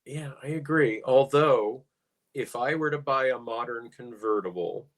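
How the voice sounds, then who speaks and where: A man's voice: medium pitch, measured pace. A middle-aged man co-hosting a casual car chat, musing with dry humor. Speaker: podcast co-host.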